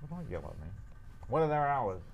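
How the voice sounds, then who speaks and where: A man hosts a local variety show, ribbing his guests and laughing at his own jokes. His pitch swings widely as he jokes, with a faint hum of room noise behind him. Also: big pitch swings, fairly quick, gravelly, highs cut off. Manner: teasing, wisecracking, laughs often. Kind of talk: joking local cable show banter.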